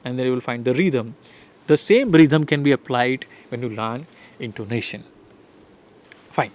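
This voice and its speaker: A man with an Indian English accent giving a classroom lecture on English intonation, demonstrating rhythms and often checking in with listeners. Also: medium pitch. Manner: animated, demonstrates rhythm and intonation with repeated examples; asks listeners frequent "right?" checks. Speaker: English teacher.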